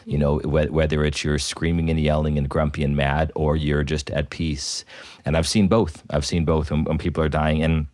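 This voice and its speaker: A man's voice: very deep voice, flat delivery, normal speed, darkish tone, no room sound. A man, a priest co-hosting a podcast, talking reflectively with frequent repeated starts. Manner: thoughtful, with many repeated starts.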